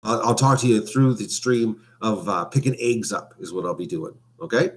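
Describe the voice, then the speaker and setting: A man chats on a home live stream over a webcam mic. His voice sits somewhat low, and he rambles, trailing off into fillers as he talks. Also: normal speed. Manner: rambling, hesitant with many fillers. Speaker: vlogger. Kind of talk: casual live stream chat.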